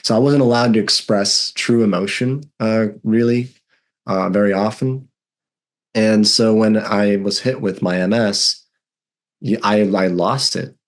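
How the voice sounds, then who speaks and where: Earnest low-voiced man in his thirties. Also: measured pace. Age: 30s. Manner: earnest and emphatic, reliving strong emotions. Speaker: guest. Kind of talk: candid conversational storytelling.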